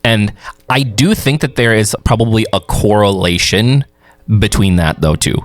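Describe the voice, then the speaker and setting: Producer host, male, lowish voice, dry close sound, animated explainer. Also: moderate pace, no echo. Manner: animated, explains vocal technique at length. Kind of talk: casual reaction chat.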